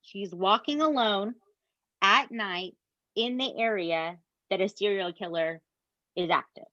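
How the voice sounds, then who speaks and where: A woman, co-hosting a podcast and retelling a true crime story in an animated, casual way that includes swearing. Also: mid-range voice, unhurried, no room sound, highs cut off. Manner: animated, swears, addresses listeners as "you guys". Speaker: podcast co-host.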